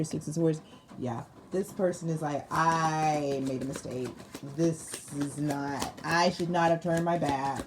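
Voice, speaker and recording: A woman's voice: deep voice, warm tone. A woman doing a casual tarot reading for her viewers, laughing often and repeating phrases for emphasis, with slangy talk. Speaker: tarot reader. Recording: noticeable background noise.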